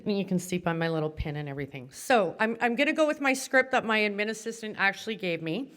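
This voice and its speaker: A woman's voice: mid-range voice, animated, fast talker, hardly any pauses, fairly bright tone. A middle-aged woman mayor giving a heartfelt, chatty award-ceremony speech with many fillers.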